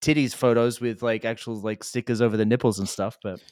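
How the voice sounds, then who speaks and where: A man's voice: mid-range voice, steady tone, a little fast, a little mellow, clear, resonant tone, no echo, studio quality. A man co-hosting a casual podcast, rambling through crude stories with frequent laughs. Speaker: podcast co-host.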